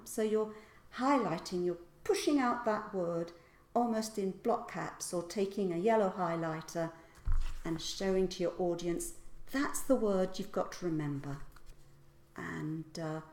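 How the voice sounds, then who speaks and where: A woman coaches her listeners on speaking, playfully acting out example lines with heavy stress. She talks at an unhurried pace in a mid-range voice. The recording carries a roomy echo. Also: mid-range voice, animated, a little mellow. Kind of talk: casual spoken lesson.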